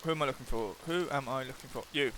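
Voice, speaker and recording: Bright, chatty man streaming a game. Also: medium pitch, quick pace, slight background noise. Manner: chatty, playful, restarts and stammers. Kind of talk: casual gameplay chat, reading game text aloud.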